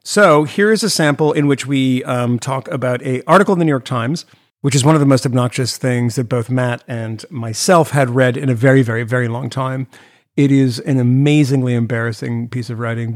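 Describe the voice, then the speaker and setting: A man's voice: medium pitch, no room sound, studio quality. A man co-hosting a podcast, talking in a sarcastic, mocking way and ranting with energy. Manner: sarcastic, mocking, animated rants. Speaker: podcast co-host. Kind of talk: casual chat.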